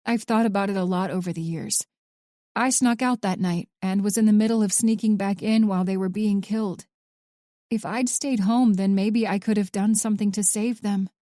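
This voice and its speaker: A troubled young female FBI agent speaks softly and hesitantly, as a woman narrator voices her. Her voice is mellow and dark, and the recording is dry and close. It sounds like an audiobook passage. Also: mid-range voice, no room sound, lightly acted.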